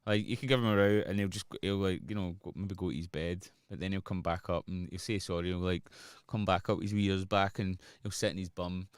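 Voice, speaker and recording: Scottish producer, deep voice, dry close sound, jokey rambling stream banter. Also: male voice, steady tone, a little fast, few pauses, clear, resonant tone, no room sound. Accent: Scottish, Glasgow area. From Scotland. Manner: joking banter with chat, rambling. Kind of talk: casual livestream chat while producing.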